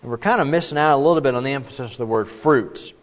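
A man's voice: mid-range voice, fast. A man preaching a sermon in an emphatic way, with many asides and restarts. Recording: muffled, with long reverb in a large hall.

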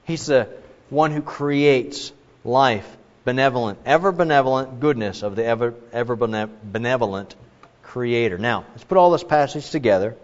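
A man's voice: medium pitch, moderate pace. A man preaching a sermon in an emphatic way, with many asides and restarts. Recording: muffled, with long reverb in a large hall.

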